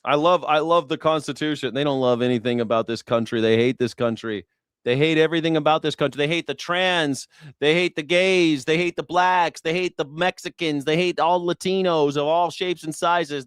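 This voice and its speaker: A man's voice: a little high, clear, resonant tone, no echo, studio quality. A man streaming political commentary in a heated, profane rant, sarcastic and mocking his opponents. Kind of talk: ranting live stream commentary.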